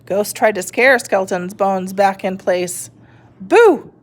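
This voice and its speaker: Slow expressive woman reading a picture book. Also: mid-range voice. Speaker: reader. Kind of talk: children's picture book read-aloud.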